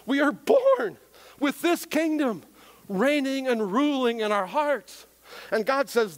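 High-voiced animated preacher man. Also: slow pace. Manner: animated, questions the congregation. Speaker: pastor. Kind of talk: sermon.

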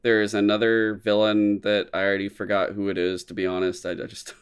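A man's voice: on the low side, completely flat delivery, brisk, clean tone. Laid-back young man swapping movie opinions. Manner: laid-back, swears often, acts out quotes. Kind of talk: casual movie discussion.

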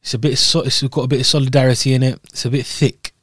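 A man's voice: medium pitch, flat delivery, quick pace, slightly rough, dry recording, clean studio sound. A young man from Scotland co-hosting a podcast in loose, rambling, jokey chat. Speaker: podcast co-host. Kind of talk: casual chat.

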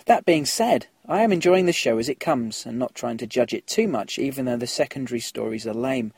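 A man's voice: mid-range voice, a little fast, gravelly, darkish tone, husky, no room sound. A man hosting a casual podcast, chatting through listener emails and laughing at his own slips.

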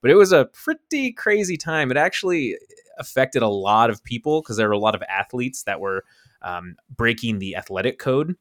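This podcast co-host, a young man, tells a casual story at normal speed, getting animated and acting out quotes with large swings in pitch. It's studio quality, and there's no room sound.

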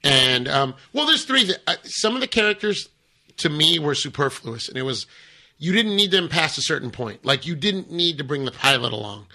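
Bright-voiced, rambling man chatting. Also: a little high, very animated, moderate pace. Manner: enthusiastic, rambling, jokey. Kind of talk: casual chat.

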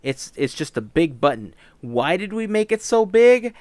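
A man's voice: sits high, big pitch swings, normal speed, dry recording. A tired man hosting a podcast, doing casual jokey plugs in a rambling way. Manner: jokey and rambling, tired and trying not to yawn. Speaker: podcast host. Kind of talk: casual chat with sponsor reads.

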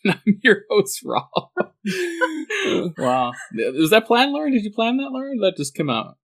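A man's voice: high-pitched, sing-song, fairly quick, a bit bright. A man hosting a podcast in casual, rambling chat, laughing often. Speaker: podcast host.

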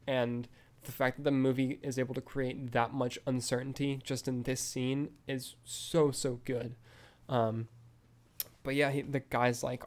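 A man's voice: medium pitch, level tone, unhurried. A man hosting a film review podcast, retelling a scene in a casual, rambling way full of fillers.

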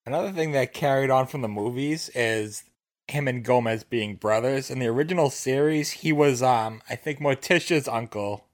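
A man's voice: mid-range voice, moderate pace. Man, podcast co-host, blunt opinions, casual chat, everyday mid-range voice.

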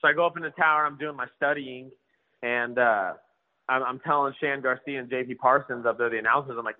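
A man's voice: mid-range voice, a little fast, phone-quality sound. A man, a motocross rider and trainer telling a story in a casual, slangy way. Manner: laid-back, slangy, acts out quoted dialogue.

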